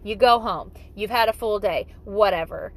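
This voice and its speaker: A woman's voice: mid-range voice, moderate pace. A woman in her thirties, a mother giving parenting advice in blunt, emphatic casual talk, swearing freely.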